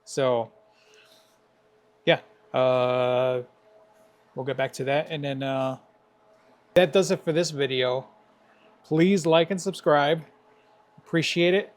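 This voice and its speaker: A man's voice: mid-range voice, steady tone, slow, long pauses. A man hosting a garage show, chatting casually and playfully with a co-host while finishing an engine build. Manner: joking, playful wordplay.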